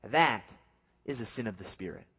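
A man's voice: on the low side, expressive, normal speed, a bit bright, husky, big-room sound. A man preaching a sermon. He reads scripture aloud and then explains it, sometimes acting out the voices of people in the story.

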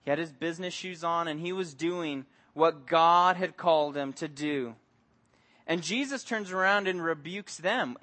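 A man preaches with a high, bright voice. He tells stories with energy and acts out the people in them as he goes. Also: a little slow. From Mexico. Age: adult with young son. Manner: animated storytelling, acts out voices. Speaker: pastor. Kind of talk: sermon.

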